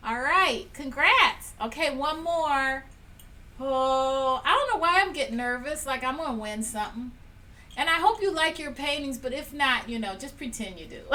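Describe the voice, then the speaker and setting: High-voiced woman chatting on a live stream. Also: bright, forceful tone. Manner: chatty and cheerful, laughs often, talks straight to viewers. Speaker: host of a live painting stream. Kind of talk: casual live-stream chat, running a prize drawing. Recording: a little distant from the mic, faint room noise.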